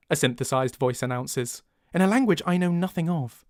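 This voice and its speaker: An English man, the author, narrating his own audiobook in an expressive way with joking asides. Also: a little high, normal speed, no echo, clean studio sound. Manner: lively, expressive, jokes between takes. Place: home recording booth.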